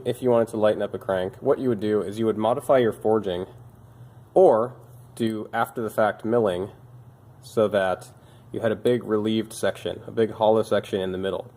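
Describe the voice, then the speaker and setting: This young bike shop mechanic, who also hosts videos, speaks at a fairly low pitch with a somewhat mellow quality. He sounds tired as he chats casually about old bike parts in show-and-tell fashion, with dry humor aimed at himself.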